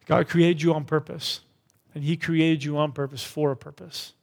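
A man preaching to his church in a loose, conversational way, often tossing in "right?" and "like". His voice sits fairly high for a man. Every word trails off into the long reverb of the hall. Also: flat delivery, normal speed, gravelly, darkish tone. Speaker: pastor. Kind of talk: sermon.

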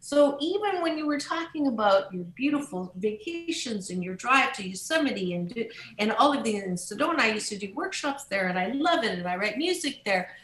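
Woman motivational speaker, interview guest. Animated, upbeat storyteller with a slightly high voice, recorded in a roomy space. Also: fairly quick. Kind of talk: podcast interview.

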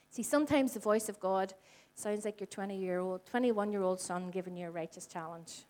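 A woman's voice: medium pitch, normal speed, few pauses. A woman in her forties from Northern Ireland, giving a conversational sermon to a congregation and acting out the dialogue in her stories. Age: 40s. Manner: animated storytelling, acts out quoted dialogue. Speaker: church speaker. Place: church hall before a congregation.

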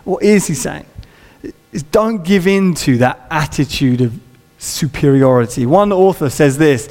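Man preaching, high voice, chatty and jokey, long echo from a big church hall. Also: expressive, unhurried, a little mellow. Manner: conversational, humorous, acts out little scenes. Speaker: pastor. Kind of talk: sermon. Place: church auditorium. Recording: long reverb of a large hall.

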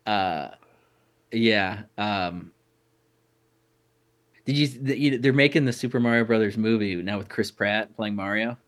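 A man's voice: lowish voice, unhurried, pauses often, fairly bright tone. A man co-hosting a podcast in casual chat, rambling with frequent restarts and fillers. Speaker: podcast co-host.

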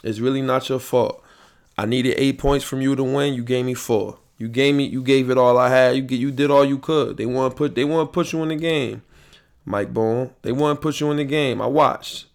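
A man's voice: mid-range voice, fairly even intonation, moderate pace, vocal fry. A young man hosting a solo podcast, ranting angrily with profanity and repetition, recorded late at night into a mic. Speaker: podcast host. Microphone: headphones and studio mic.

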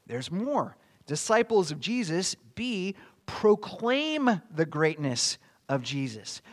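A man's voice: high voice, a bit bright. A man preaching a sermon as a pastor, earnest, asking rhetorical questions and building to bursts of emphasis.

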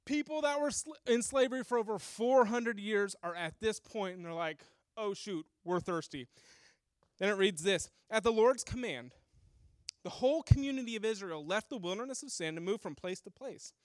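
A man preaching a sermon, retelling scripture in a lively storytelling way and acting out the people in it. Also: high-pitched, brisk, no room sound, studio quality. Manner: animated storytelling, acts out voices. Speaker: pastor.

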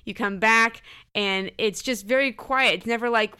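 A woman co-hosting a casual podcast about a film, talking in an animated way and acting out quotes in shifting voices. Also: a little high, unhurried, smooth. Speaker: podcast co-host.

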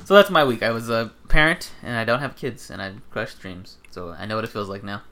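A young man hosting a casual podcast, telling a story in an animated way, mimicking others in high voices and swearing freely. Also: brisk. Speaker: podcast host.

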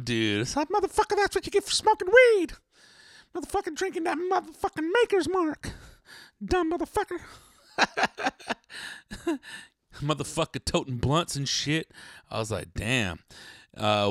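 A man's voice: fairly low pitch, fairly bright tone, no room sound, studio quality. A man telling a personal story in a casual, rambling, profane monologue, laughing often.

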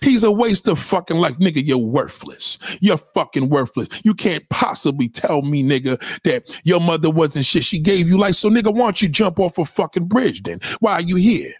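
Man, high-pitched, husky, dry close sound, aggressive insulting reaction rant. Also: lively intonation, moderate pace, hardly any pauses, no room sound. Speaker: online commentator reacting to clips.

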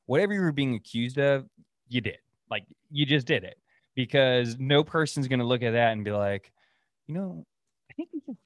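A man's voice: mid-range voice, a bit bright, no echo, studio quality. Profane rambling podcast ranter, man. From Oregon. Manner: profane, rambling, laughs at his own stories. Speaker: podcast host. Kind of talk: casual solo rant.

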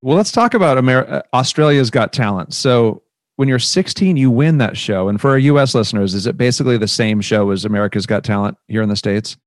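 Guy hosting, quick friendly questions, dry close sound, normal pitch. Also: expressive, no room sound. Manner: brief, friendly prompts and questions. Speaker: podcast host. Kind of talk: interview questions.

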